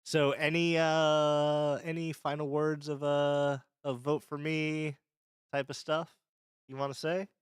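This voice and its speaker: A man co-hosting a casual livestream, joking with quick asides. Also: on the high side, level tone, smooth, dry recording, studio quality. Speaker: co-host.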